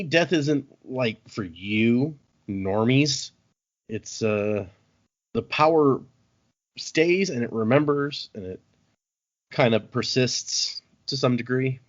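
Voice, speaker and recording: Man, podcast host, casual book recap, animated, slips into character voices, muffled lo-fi sound. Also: medium pitch. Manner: animated, acts out characters' lines. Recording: dull lo-fi audio.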